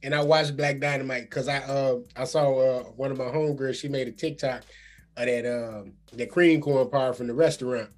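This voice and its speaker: A man's voice: mid-range voice, fairly even intonation, moderate pace. A man co-hosting a casual podcast chat, telling stories in an easygoing way and laughing along. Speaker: podcast co-host.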